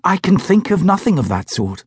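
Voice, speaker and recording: Audiobook role: a man doing a cheerful male tribal warrior, high, emphatic, lively range. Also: normal speed, breathy edge, no echo, studio quality, exaggerated voice. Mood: eager. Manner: high, bright, emphatic delivery. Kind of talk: audiobook character voice.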